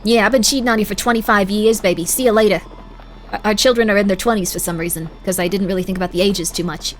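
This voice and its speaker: Lady doing a loud new york wife walking out on her man, brash, all "baby". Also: mid-range voice, steady tone, fast, faint music behind, close to an everyday voice. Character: brash cheating wife leaving her husband.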